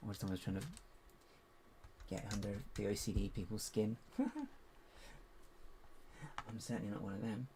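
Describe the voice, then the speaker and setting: A man's voice: lowish voice, normal speed, pauses often, warm tone, slight background noise. A man chatting casually while building with LEGO, muttering to himself as he sorts bricks, his voice going cracky. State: voice going cracky, needs a drink. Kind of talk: casual live build commentary.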